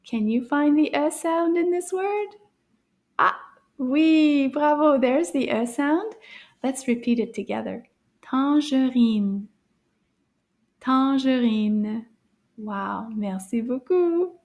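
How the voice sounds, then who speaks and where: A woman teaching children a beginner French lesson, cheerful and encouraging, repeating words slowly and clearly, with occasional hushed whispers. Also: high voice. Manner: drops into hushed whispers for surprises.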